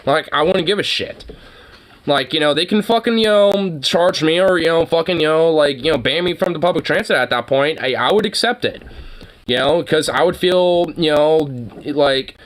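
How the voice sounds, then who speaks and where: A man's voice: on the high side, moderate pace. A young man streaming live, ranting casually in a profane, rambling way full of fillers. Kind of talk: casual livestream rant.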